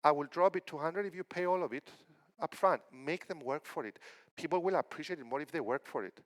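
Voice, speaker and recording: A middle-aged man from Cyprus delivers a conference keynote in a fairly high voice. He talks in a lively storytelling way and acts out the lines of the people in his anecdotes. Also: fast. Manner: animated storytelling with acted quotes. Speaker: keynote speaker.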